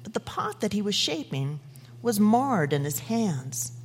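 A woman giving a devotional message and reciting a poem, expressive and dramatic, sometimes dropping to a whisper. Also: medium pitch, a little slow, slight background noise. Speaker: devotional speaker.

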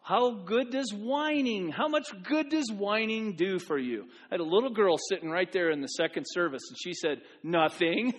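A man preaching a sermon in a church, animated, repeating phrases for emphasis and acting out voices. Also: high voice, normal speed, few pauses. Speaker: pastor. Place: church sanctuary. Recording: church hall reverb.

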